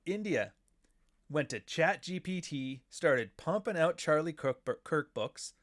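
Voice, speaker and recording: A man's voice: on the high side, expressive, slow pace. A middle-aged man from Canada hosting a casual livestream, talking in a profane, sardonic and rambling way. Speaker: show host.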